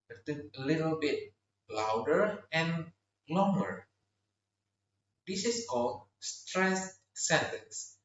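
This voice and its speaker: A young adult male student teacher gives a classroom pronunciation lesson, explaining slowly and clearly in a lively way while exaggerating the stress on example words. His voice is a bit high, and the recording is roomy, dull, and captured from a distance.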